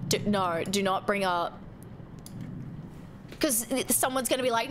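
A woman's voice: mid-range voice, measured pace, background noise. A woman chatting playfully with her viewers while streaming a game. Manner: playful, chatty, talking to chat. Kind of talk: casual live-stream chat.

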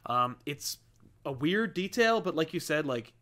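A man's voice: a little high, sing-song, a bit bright. A man co-hosting a comics review show, giving blunt opinions in casual chat with lots of filler words. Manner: opinionated, talks in quick bursts with many "like" fillers.

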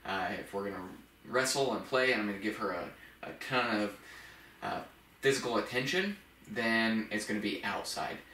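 Dog trainer guy talking it through, bright voice, kinda far off in an echoey room. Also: lowish voice, moderate pace, a little hiss or hum. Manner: relaxed, explanatory, with frequent restarts and fillers. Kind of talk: casual instructional talk.

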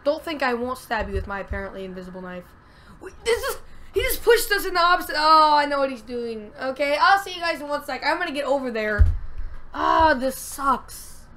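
A woman giving casual gameplay commentary, excitable and talking to herself, with loud frustrated outbursts. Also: high-pitched, fairly quick, slight background noise. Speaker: let's play gamer.

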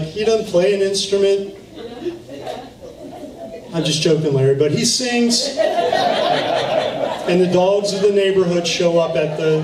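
Man, pastor, storytelling sermon, high voice, echoey hall, mic set back. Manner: storytelling, animated, with laughs. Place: church sanctuary. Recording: echoey room from far off, faint noise.

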